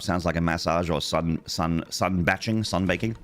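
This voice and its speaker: A man in his forties streams a game and chats casually with his chat room, cracking crude jokes and shouting out in excitement. His voice is low-pitched and he talks at normal speed.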